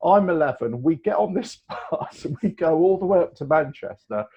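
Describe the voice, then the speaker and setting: Animated man, slightly high voice. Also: moderate pace, breathy edge. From England. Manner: animated, rambling, laughs often. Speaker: guest. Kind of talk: casual storytelling chat. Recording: dull lo-fi recording.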